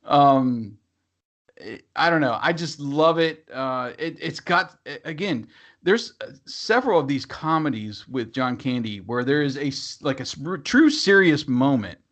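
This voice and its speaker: A man's voice: mid-range voice, animated, a little slow, fairly bright tone. A man co-hosting a podcast, chatting casually about movies and rambling through fillers and restarts. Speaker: podcast co-host. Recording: dull lo-fi sound.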